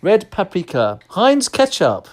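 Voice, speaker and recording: A man's voice: high-pitched, wildly swooping pitch, unhurried. An English man co-hosting a podcast, reading lists aloud in casual chat and cracking jokes. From United Kingdom. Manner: jokey, reads lists aloud, slips into a mock cockney voice. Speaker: podcast co-host.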